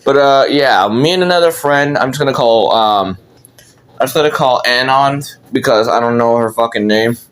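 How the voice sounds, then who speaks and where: A man's voice: mid-range voice, normal speed, a bit bright, smooth. A young man telling a childhood story in casual, rambling storytelling, with lots of fillers and swearing.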